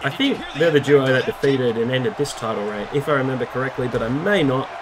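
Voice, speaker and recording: A man hosting a casual let's-play, chatting and reacting excitedly to the game. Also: medium pitch, a little fast, a crowd in the background. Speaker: gaming channel host. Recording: loud game music behind.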